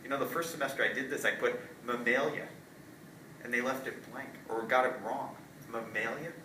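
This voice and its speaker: A man gives a casual college zoology lecture in a lecture hall, quizzing students and often checking with "right?". His medium-pitched voice is fairly even, a little fast, pushed and bright. It's recorded from far off in the roomy hall, with light noise.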